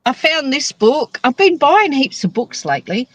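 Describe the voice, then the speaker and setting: A woman's voice: high voice, big pitch swings, moderate pace, dry recording, rough recording. A woman co-hosting a casual knitting chat, joking and teasing, talking from a parked car. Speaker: podcast co-host.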